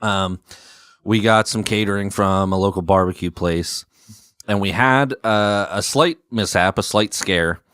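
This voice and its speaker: A man's voice: fairly low pitch, a little slow, a bit bright, clean tone, no room sound, clean studio sound. A man co-hosting a podcast, telling a story in casual chat with lots of fillers and restarts. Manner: rambling storyteller, many fillers. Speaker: podcast co-host.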